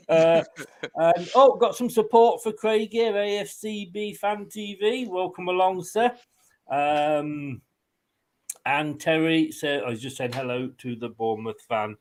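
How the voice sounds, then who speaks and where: A man with a slightly higher voice hosts a casual online quiz show. He chats loosely and keeps breaking into laughs. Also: a little slow. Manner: chatty, laughs often while talking. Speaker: quiz host.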